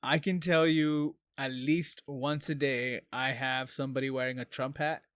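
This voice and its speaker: A man co-hosting a podcast, telling stories in a casual, profane, animated way. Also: medium pitch, moderate pace, clean tone, no room sound, clean studio sound. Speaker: podcast co-host. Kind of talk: casual chat.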